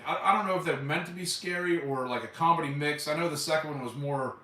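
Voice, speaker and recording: A man's voice: fairly high pitch, fast, pushed and bright. A man streaming live, chatting casually about movies with rambling enthusiasm, loose swearing and lots of fillers. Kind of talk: casual chat. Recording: echoey room, mic at a distance.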